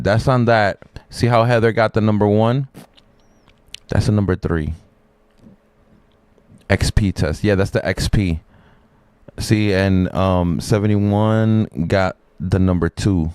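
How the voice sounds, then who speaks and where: Male streamer, low-pitched, dry and close, loose joking cusser. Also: a little mellow, no echo. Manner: rambling, profane, jokey. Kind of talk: casual live-stream reaction chat.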